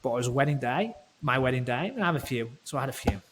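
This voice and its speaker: A man of middle pitch chats as a guest coach on a podcast, rambling, restarting his sentences and swearing freely. His speech is loose and unscripted. A faint hiss sits under the recording. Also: expressive, very fast, fairly bright tone. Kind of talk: casual podcast chat.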